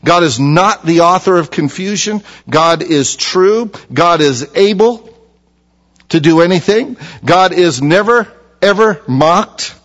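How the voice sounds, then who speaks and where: A man preaching a sermon, emphatic, repeating key phrases and dropping to a hushed, low voice for stress. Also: expressive, takes it slowly, dull audio. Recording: long hall reverb.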